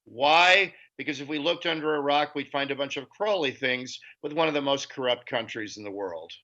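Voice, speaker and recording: Brief: male political guest, sharp-toned and scornful, heard over a dull remote line. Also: medium pitch, normal speed. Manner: forceful, scornful delivery. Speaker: guest author. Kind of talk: political commentary interview. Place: lives in Europe.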